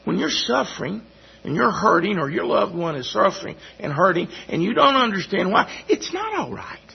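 Gravelly-voiced man preaching a testimony. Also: sits high, lively intonation. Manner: halting, repeats words, folksy storytelling. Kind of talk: sermon testimony. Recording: dull lo-fi recording.

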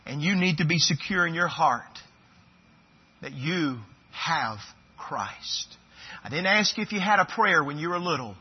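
High-voiced preacher, husky, echoey hall. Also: male voice, animated, measured pace. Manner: swings from loud pleading to hushed earnest speech. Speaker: pastor. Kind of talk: sermon. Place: church sanctuary. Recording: echoey church hall, dull lo-fi sound.

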